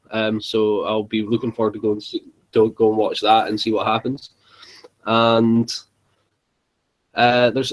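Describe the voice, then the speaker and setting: A man's voice: medium pitch, low-quality recording. Young man, live-chat co-host, chatty and giggly, filler-heavy. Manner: chatty, laughs often, lots of fillers. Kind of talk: casual chat.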